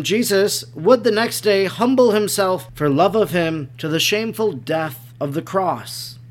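A man narrates a religious text aloud with a measured, even delivery. His voice sits notably high for a man. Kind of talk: scripted narration of a devotional text.

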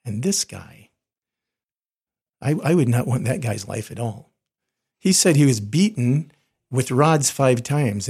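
A man's voice: mid-range voice, a little mellow, slightly rough. A middle-aged man, a corporate chaplain, giving an earnest conversational podcast talk and often restarting his sentences.

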